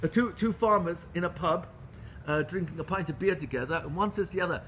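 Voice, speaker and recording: A man's voice: on the high side, fast, fairly bright tone, a little hiss or hum. A man with an English accent teaching a Torah class in an earnest way, often restarting phrases. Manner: earnest, with many restarts and Hebrew terms.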